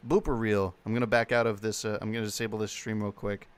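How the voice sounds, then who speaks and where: A man hosting a charity stream, reading out donations in an excitable, casual way. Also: lowish voice, fast, clear, resonant tone. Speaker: stream host. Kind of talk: casual live-stream chat.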